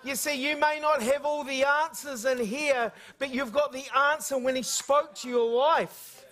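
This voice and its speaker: A man preaching a sermon as a guest speaker, telling funny stories with lively energy. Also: very high-pitched, measured pace. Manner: storytelling, humorous and energetic.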